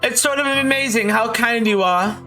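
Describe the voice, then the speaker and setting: Brief: poised teen club president, soft falsetto girl voice, bright tone, played by a man. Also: moderate pace, faint music behind, exaggerated voice. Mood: gentle.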